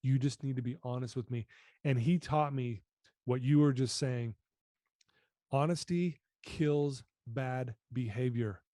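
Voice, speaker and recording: A man's voice: medium pitch, unhurried, dark tone, no room sound, clean studio sound. A man in his fifties telling his personal story as a podcast guest, earnest and emotional.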